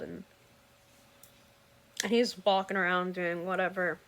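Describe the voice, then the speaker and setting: A woman's voice: medium pitch, moderate pace. A woman earnestly recounting a personal story in casual, rambling talk that often corrects itself mid-sentence.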